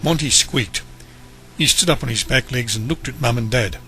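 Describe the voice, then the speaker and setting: A man reading a children's story aloud in an expressive, animated way. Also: mid-range voice, moderate pace, faint music behind. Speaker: storybook reader.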